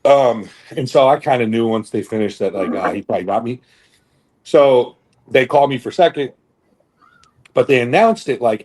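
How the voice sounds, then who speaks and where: A man's voice: mid-range voice, lively intonation, moderate pace, a little mellow. A young man on a podcast telling a long story in a casual, rambling way, with lots of fillers and swearing. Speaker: podcast co-host, bodybuilder. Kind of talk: casual chat.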